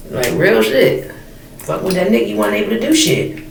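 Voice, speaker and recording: A woman in her thirties vents in a blunt, profane, fired-up rant, her voice rough with vocal fry. She sits back from the mic in a roomy, echoing space. A faint noise runs underneath. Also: medium pitch, lively intonation, moderate pace. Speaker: storyteller vlogger. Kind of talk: casual rant to camera. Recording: echoey room, mic at a distance, faint noise.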